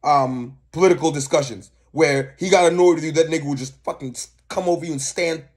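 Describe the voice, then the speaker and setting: A man's voice: a little high, brisk. A young man co-hosting a reaction video, ranting in heated, profane casual commentary.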